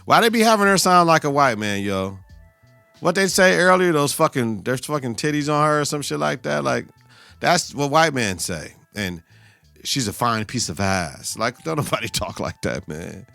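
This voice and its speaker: A man's voice: a little high, very animated, normal speed, creaky, pushed and bright, no echo, soft background music. Profane, slangy man recapping TV. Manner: profane, slangy, talks back at the screen. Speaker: podcast host. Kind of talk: casual TV episode recap.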